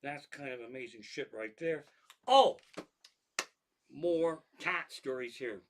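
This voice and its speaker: A man's voice: mid-range voice, slow pace, background noise. A man who is a comedian, telling rambling, profane stories about his life and cats with lots of restarts and asides. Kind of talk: stand-up style storytelling monologue.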